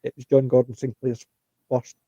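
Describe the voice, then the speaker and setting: A man explaining things in a rambling, animated way during a casual panel chat. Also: medium pitch, normal speed, no room sound, dull audio.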